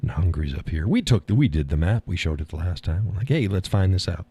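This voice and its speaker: Hosting a live stream over an audio call setup, this man chats in a rambling, blunt monologue, laughing a lot and swearing without a second thought. His low voice is husky and mellow, quick and expressive.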